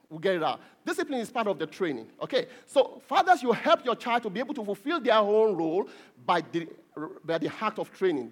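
A middle-aged man preaches with a high, bright voice. His pitch swings widely, leaping up on key words and sinking low on asides. He presses his points home with emphatic repetition. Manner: preachy, rising to emphatic peaks with repeated words. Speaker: pastor. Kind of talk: sermon.

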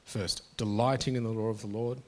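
A man's voice: on the low side, fairly even intonation, fairly quick. A middle-aged man preaching a sermon to his congregation in an earnest, conversational way, often restarting his phrases. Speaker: pastor.

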